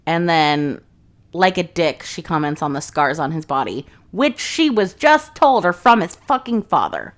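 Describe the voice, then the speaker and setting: A woman's voice: sits low, sing-song, a little slow. A young woman casually recapping a fantasy novel in a chatty, sarcastic way, swearing freely. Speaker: book reviewer.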